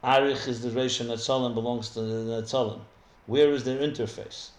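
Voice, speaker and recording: With a steady tone, normal speed and mid-range voice, a man teaches a live text study class as a rabbi. He explains aloud while reasoning, restarting his sentences often, recorded in an echoey space with faint background ambience.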